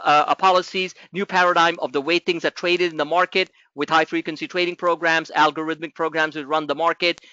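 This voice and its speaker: A man coaching a trading group, explaining markets in an animated, rambling way with many restarts. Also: high voice, dry recording, lo-fi sound.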